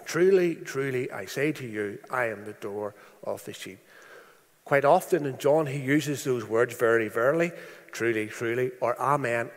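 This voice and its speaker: A man preaching a sermon in a slow, deliberate way, dropping low and soft when he quotes scripture. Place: church. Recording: long church reverb.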